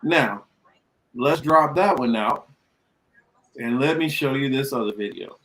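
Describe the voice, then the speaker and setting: A man's voice: mid-range voice, measured pace, a bit bright. A man co-hosting a podcast, giving joking, profane running commentary on video clips. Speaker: podcast co-host.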